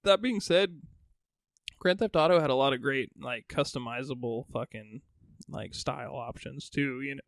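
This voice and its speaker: Young dude podcast cohost, gravelly, rambly, says like a lot, dry mic. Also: male voice, medium pitch, normal speed, no room sound. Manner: laid-back, filler-heavy with lots of "like" and swearing. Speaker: podcast co-host. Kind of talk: casual chat.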